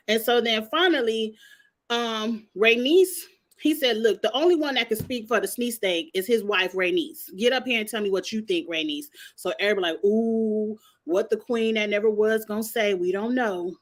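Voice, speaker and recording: A woman's voice: on the high side, normal speed. Sassy woman recapping a TV episode. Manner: sassy, animated retelling with playful cursing. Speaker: show recap host.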